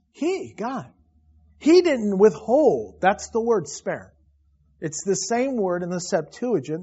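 A man preaching a sermon as pastor, emphatic, with his voice rising into loud bursts. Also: on the high side, slightly rough, highs cut off.

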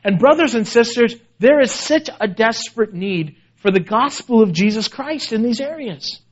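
Man, preacher, sermon, high-pitched, impassioned, loud-to-hushed swings, muffled recording. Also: expressive, normal speed. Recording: dull lo-fi recording.

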